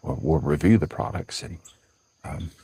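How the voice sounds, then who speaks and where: A man's voice: very deep voice, moderate pace, warm tone, slightly rough, low-quality recording. A man with a Southern US accent hosting a casual livestream from a porch at dawn, chatting and greeting viewers by name. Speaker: livestream host.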